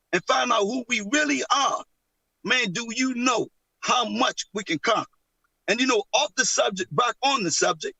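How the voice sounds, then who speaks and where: A man in his fifties telling a barbershop story in casual chat, animated, with a husky voice. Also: sits high, dry recording, low-quality recording. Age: 50s. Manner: animated, laughing, acts out his son's voice.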